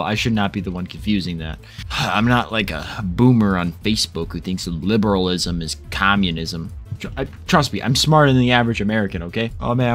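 Young male gamer, lowish voice, excitable and profane, light music underneath. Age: young adult. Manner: excitable, swearing, quick mood swings. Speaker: gaming video creator. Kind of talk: casual strategy game commentary.

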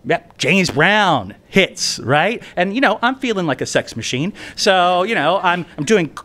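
A man's voice: high voice, sing-song, a little slow, pushed and bright. A man telling a funny personal story at a live event, chatty and conversational, often asking "right?". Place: event venue indoors.

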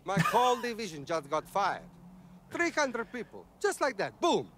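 A blunt laid-off tech worker from a video game, his English clipped and broken. The voice sits high and swings widely in pitch. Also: wildly swooping pitch, normal speed, noisy background.

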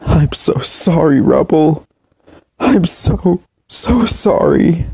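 A man voicing a grief-stricken young boy who is crying and speaks in slow, broken sobs. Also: fairly high pitch, animated, gravelly, a little mellow, slightly rough, dry recording, voice pushed up, exaggerated voice. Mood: sobbing. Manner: slow, broken sobbing speech.

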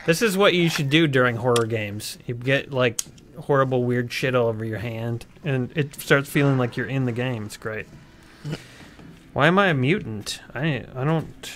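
A man's voice: medium pitch, normal speed, fairly bright tone, a little hiss or hum. A man co-hosting a let's-play stream, cracking crude jokes and reading out viewer offers in casual chat.

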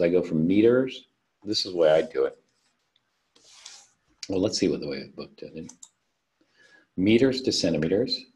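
A man's voice: a bass voice, a little mellow. A man teaching a recorded online chemistry lesson, talking through unit conversions step by step in a methodical way. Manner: methodical, talks through worked problems step by step. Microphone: computer mic on a video call.

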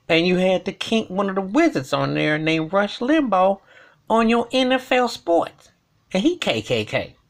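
A man's voice: medium pitch, creaky. A man delivering an emphatic, repetitive rant in colloquial speech, commenting as a vlogger. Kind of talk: ranting commentary.

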